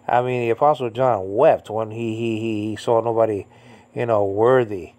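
A man in his fifties, from Puerto Rico, giving an informal Bible teaching, rambling with lots of "I mean, you know" and jumping to a high emphatic pitch on key points. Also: steady tone, normal speed, darkish tone. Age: 50s.

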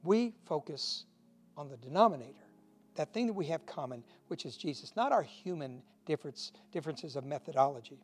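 A man preaching a short devotional in a folksy, earnest way, joking at his own expense now and then. His voice sits a little higher than most men's. Soft music plays faintly behind him. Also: lively intonation, brisk. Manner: folksy and earnest, with self-deprecating asides. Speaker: pastor. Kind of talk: short recorded devotional sermon.

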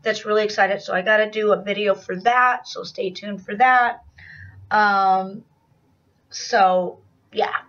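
A woman's voice: medium pitch, steady tone, a little slow, a bit bright. A middle-aged woman vlogging a candid, rambling video diary in a confessional manner. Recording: dull, slightly distant sound.

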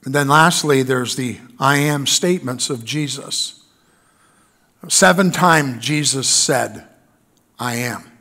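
A man's voice: medium pitch, slow pace, pushed and bright. A man preaching a sermon in church, reading scripture aloud and building emphasis on key lines. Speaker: pastor.

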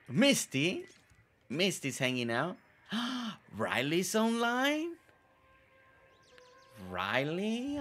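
A man's voice: mid-range voice, bright, forceful tone. A man whose first language is not English, chatting casually over his gameplay. He repeats himself and stumbles over tricky names. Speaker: gameplay video host.

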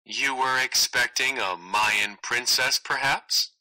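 A man's voice: medium pitch, takes it slowly, sharp tone, pitched above the performer's own voice, poor audio. A man voicing a clever, enchanted little female frog in a read-aloud play, wry and teasing. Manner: wry, teasing, matter-of-fact.

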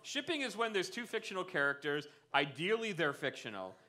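Live podcast guest from Pittsburgh; bright, jokey man who rambles and laughs. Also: high voice, very animated, brisk. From Pittsburgh area, USA. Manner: joking, rambling, laughs often. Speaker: guest game developer. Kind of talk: live podcast chat on stage. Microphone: stage mic before live audience.

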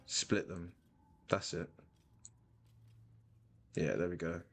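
A man giving playful, animated commentary while playing a video game, thinking aloud and repeating himself. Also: sits low, slow, gravelly, faint music behind. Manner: animated, playful, sudden loud outbursts. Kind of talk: live gameplay commentary.

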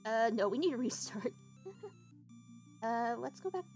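A woman's voice: a little high, animated, a little slow, a little mellow, soft background music. A woman streamer chatting casually with her viewers while setting up and playing a game, swearing offhandedly. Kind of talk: casual livestream chat while gaming.

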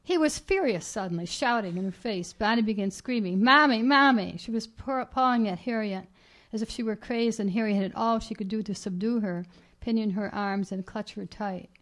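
A woman author reading her short story aloud at a reading event, her narration measured and even. Her voice sits at a middle pitch with a steady, literary pacing. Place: reading event at a writers' house.

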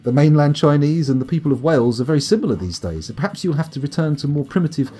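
A man's voice: on the high side, lively intonation, fast talker, dark tone, husky. A man casually commentating a live game stream, rambling off on tangents and swearing freely. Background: faint guitar music.

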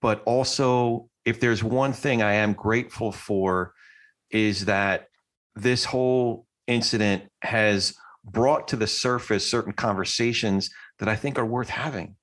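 A man's voice: on the low side, fairly even intonation, unhurried, a bit bright. A man hosting a podcast interview, speaking thoughtfully with some hesitant restarts. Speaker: podcast host.

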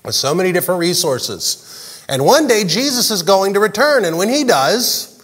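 A man preaching a sermon as pastor, animated and jokey, acting out the characters' lines. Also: high-pitched, normal speed, husky, in a large hall. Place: large church hall.

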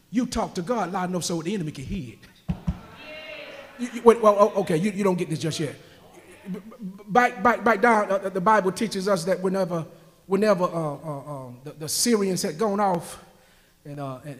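A man preaching a sermon as pastor, swinging between soft talk and shouted call-and-response lines. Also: sits high. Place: large church sanctuary. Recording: long church reverb.

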